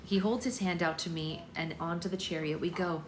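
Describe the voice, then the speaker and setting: A woman hosting a book club, reading a novel aloud at home in a measured, expressive storytelling manner. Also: lowish voice. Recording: echoey room with background noise.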